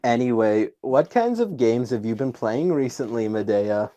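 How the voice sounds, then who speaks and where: A young man hosting a casual podcast, goofy and quick to laugh, putting on an exaggerated persona voice. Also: medium pitch, expressive, dark tone. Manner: giggly, goofy, breaks into laughter often; adopts a deliberately exaggerated persona voice. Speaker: podcast host.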